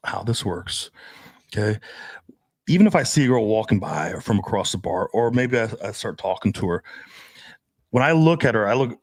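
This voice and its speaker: Animated, profane male dating coach. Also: on the low side, no echo. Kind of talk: casual podcast chat.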